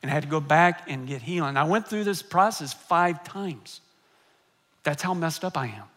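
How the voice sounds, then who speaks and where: Animated high-voiced man preaching. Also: moderate pace. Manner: animated storytelling, swinging between loud and hushed. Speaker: pastor. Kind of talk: sermon with personal story.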